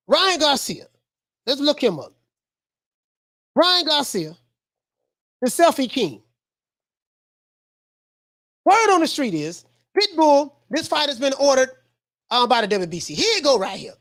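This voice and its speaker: A woman doing casual livestream boxing commentary, animated, repeating herself and laughing often. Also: sits high, measured pace, pauses often.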